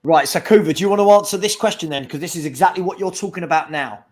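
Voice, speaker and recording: Guy co-hosting a footy fan stream, animated, reads chat out, fairly high voice. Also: quick pace. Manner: animated, calls out trolls in chat. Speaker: co-host.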